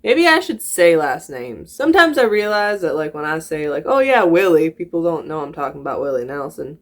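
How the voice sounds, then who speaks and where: A chatty, giggly vlogger rambles to camera in a put-on American country accent. The voice sits at a middling pitch, and the talk wanders from one aside to the next. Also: big pitch swings, brisk. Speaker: YouTuber. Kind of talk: casual reaction vlog.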